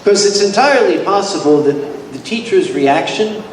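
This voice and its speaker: A man's voice: sits high, moderate pace, a loud crowd. A man hosting an open mic at a convention, teasing performers and the audience between acts. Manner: jokey, lively, teasing. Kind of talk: emceeing a convention panel. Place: large convention hall with audience. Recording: echoey hall, distant mic, loud noise.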